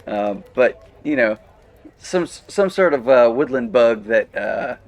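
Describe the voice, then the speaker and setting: Slow, halting male game master. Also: medium pitch, expressive. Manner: halting, with many fillers and light laughs. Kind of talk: narrating a tabletop game.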